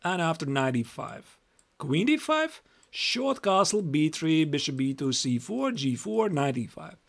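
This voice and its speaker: A man's voice: a little high, very animated, a little slow, vocal fry. A young Latvian man with a Latvian accent giving a chatty live-stream chess lesson, reading moves aloud and repeating himself.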